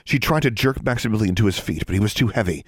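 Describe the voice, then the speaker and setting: A man with a low voice reads a fantasy story aloud at an even, steady pace. The recording is dry, with no room sound. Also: quick pace, no room sound. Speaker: audiobook narrator. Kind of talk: scripted narration.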